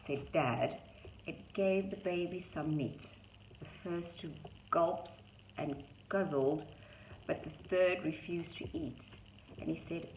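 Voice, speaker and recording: A woman's voice: deep voice, slow pace, a little mellow, a little hiss or hum. A woman reading a rhyming picture book aloud to young children, in a sing-song rhythm with chatty asides about the pictures. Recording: dull echoey room.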